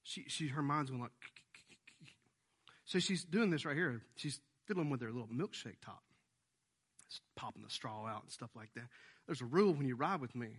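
A man preaching a sermon as the pastor, telling a family story in an animated, conversational way. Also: medium pitch, moderate pace, long pauses, slightly rough.

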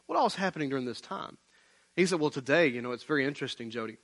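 Animated preaching man. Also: mid-range voice, very fast. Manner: conversational preaching, animated, says "man, listen". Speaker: pastor. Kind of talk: sermon. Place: church building, online service.

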